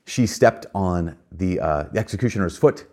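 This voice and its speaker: A man's voice: sits low, moderate pace, mellow. A man giving a reflective spoken talk, earnest and conversational, with frequent fillers and emphatic rises.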